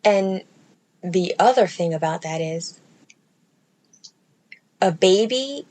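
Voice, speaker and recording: A woman in her thirties, a podcast co-host talking in casual chat, blunt and profane, with bursts of loud laughter. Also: on the low side, animated, slow pace.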